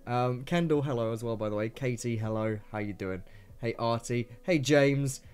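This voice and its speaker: A man hosting a casual livestream from his home desk, rattling off quick greetings to viewers in an upbeat way. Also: mid-range voice, a little mellow, clear, resonant tone, soft background music. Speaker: streamer host.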